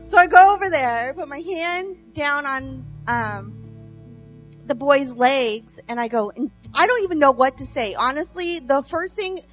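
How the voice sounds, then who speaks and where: A woman telling a personal faith story in an animated way, acting out quoted speech and using many fillers. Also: high-pitched, unhurried, highs cut off, soft background music. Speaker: guest sharing a faith testimony.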